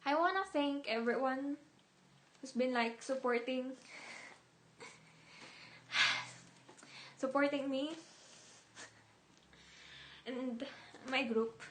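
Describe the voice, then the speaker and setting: A woman's voice: high-pitched, extremely slow, long pauses, a bit bright, a little hiss or hum. A young woman idol talking casually on a livestream, emotional and rambling, repeating words and mixing in some Tagalog.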